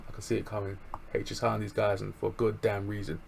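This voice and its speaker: A man reviewing a wrestling show in a casual, excitable, slangy recap chat. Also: lowish voice, quick pace, creaky, background noise.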